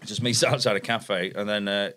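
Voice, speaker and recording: A comedian telling rambling comic anecdotes on a podcast, laughing often. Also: male voice, fairly low pitch, fairly even intonation, fairly quick, bright, forceful tone. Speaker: comedian guest.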